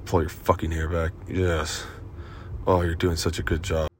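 A man performing an erotic audio role-play in a dominant, commanding and profane manner, with breathy moans between lines. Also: deep voice, level tone, moderate pace, slight background noise.

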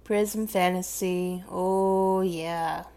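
Young southern woman vlogging, talks slow, rambles n corrects herself, laughs a lot, drops to whispers sometimes. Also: on the low side, steady tone, warm tone, clean tone. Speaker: vlogger answering question prompts. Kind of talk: casual chat.

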